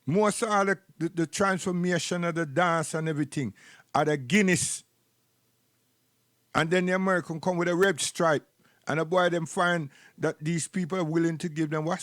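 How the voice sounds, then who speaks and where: A man's voice: high voice, a bit bright, no room sound, studio quality. A man with a Jamaican accent giving rambling, preachy live-stream commentary and repeating words while he searches for the next one.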